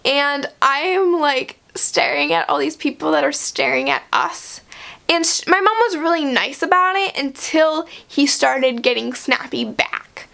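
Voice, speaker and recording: A woman's voice: sits high, unhurried, creaky, sharp tone. A young woman vlogger chattily retelling a story, filling her sentences with "like" and laughing now and then. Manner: chatty, heavy use of "like". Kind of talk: storytime vlog.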